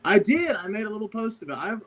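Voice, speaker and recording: A man stopping by a podcast as a guest, friendly and a bit hurried, chatting casually. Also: high-pitched, very animated, a bit bright.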